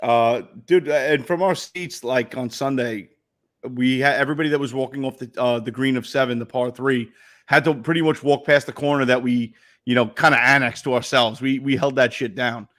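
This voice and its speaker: A man's voice: medium pitch, fairly even intonation, moderate pace, fairly bright tone. A man co-hosting a sports podcast, rambling through stories in laid-back casual chat with lots of fillers. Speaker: podcast co-host.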